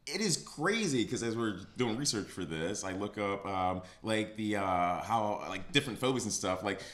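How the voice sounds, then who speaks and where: A man's voice: lowish voice, animated, normal speed, a bit bright, reverberant. A man co-hosting a podcast, chatting casually and joking, rambling with lots of filler words. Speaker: podcast co-host. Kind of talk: casual chat.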